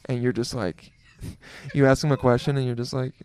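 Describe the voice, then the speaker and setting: This man's solo podcast intro is relaxed, loose, jokey, and profane, punctuated by frequent laughs. His medium-pitched voice is smooth and a little mellow, with a level tone and normal speed.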